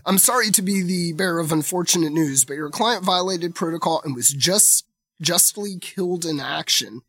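A stiff, formal robot prince speaks in polite, official phrases, read aloud by a man. The voice sits a little high and slightly husky, and the recording is dry and close. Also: normal speed, no echo. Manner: polite and official, delivering bad news flatly.

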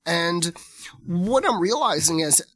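Husky-voiced man recapping a comic. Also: high voice, expressive, takes it slowly, a bit bright, no echo. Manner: chatty, recaps the plot with many fillers. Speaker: podcast host. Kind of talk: casual comic book discussion.

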